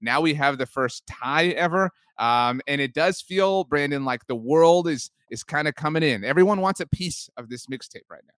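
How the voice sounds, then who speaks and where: A man's voice: on the high side, animated, normal speed, few pauses, fairly bright tone, clean tone, no room sound, clean studio sound. A man co-hosting a sports podcast in casual chat, upbeat and joking, rambling with restarts.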